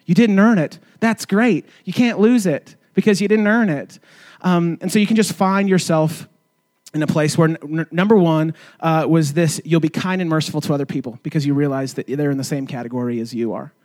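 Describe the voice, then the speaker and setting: A man preaching a sermon in a loose, conversational way, with many fillers and restarts, and going quiet and gentle as he leads into communion. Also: on the high side, a little fast. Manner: conversational, fillers and restarts, softening to a hush near the end. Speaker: pastor.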